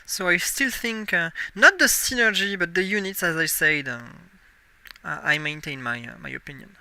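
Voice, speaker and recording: A man's voice: fairly high pitch, moderate pace, creaky, sharp tone, clean tone, no room sound. A young man in his twenties with a French accent, a native French speaker chatting casually on a live game stream, musing aloud and correcting himself as he plays. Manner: musing aloud while playing, self-correcting.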